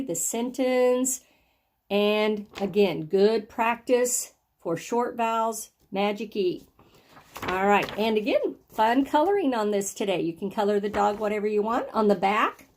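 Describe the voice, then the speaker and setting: A woman leads a phonics and handwriting lesson for little kids, stretching out each word slowly and offering plenty of encouragement. Her pitch leans high, and her tone is somewhat dark.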